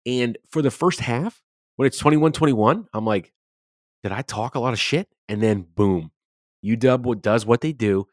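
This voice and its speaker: A man's voice: medium pitch, moderate pace, no room sound, clean studio sound. A man co-hosting a sports podcast, talking casually and animatedly, swearing freely as he rants about games. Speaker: podcast co-host.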